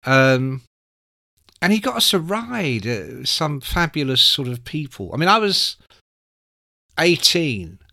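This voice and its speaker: This man's fairly high, creaky voice moves a little slowly. In his sixties and a music writer by trade, he's a guest in an interview, animatedly relating a long, sweary anecdote and acting out every quote along the way.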